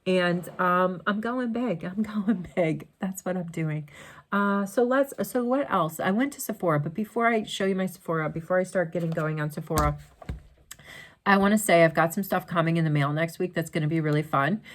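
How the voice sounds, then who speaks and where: A woman's voice: on the low side, fairly quick. A middle-aged woman chatting casually and rambling as a beauty vlogger, recording in her home basement. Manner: chatty, rambling, laughs often. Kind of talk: casual chat.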